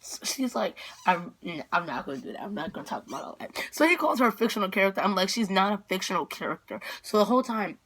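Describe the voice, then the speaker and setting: A female vlogger telling a dramatic story-time tale with excitable energy, packed with fillers and sudden outbursts. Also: mid-range voice, fast talker, few pauses.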